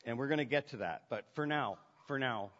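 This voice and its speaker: A man preaching a sermon, shifting between hushed, intimate lines and loud, emphatic ones. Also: mid-range voice, a little fast. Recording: dull sound with long hall reverb.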